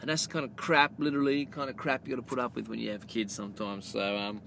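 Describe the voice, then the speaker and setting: A man's voice: mid-range voice, quick pace, creaky. An Australian man, around his thirties, hosts a casual podcast in a loose storytelling ramble. He swears easily, restarts his sentences, and keeps calling the listener mate. A faint hiss sits under his mid-range voice. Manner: gets loud and animated telling the punchline. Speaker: podcast host.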